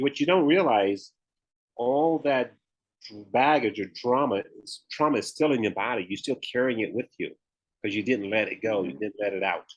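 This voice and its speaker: On this podcast interview, the guest is a Memphis man with a Southern US accent, a retired professional bodybuilder who also writes books. His mid-range voice comes through with the highs cut off. He laughs a lot while telling his story openly.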